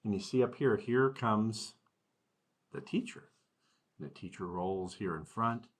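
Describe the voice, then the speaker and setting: A man's voice: lowish voice, a little slow. A man, a school superintendent, reading a picture book aloud to children and asking them questions as he goes. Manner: asks young listeners questions while reading.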